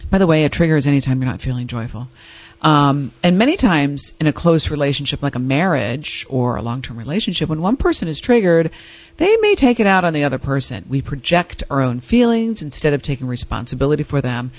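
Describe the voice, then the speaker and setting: A woman hosting an advice show, telling personal stories in a candid, animated way with frequent laughs. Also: sits low, a little fast, no echo. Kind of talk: casual talk-show monologue.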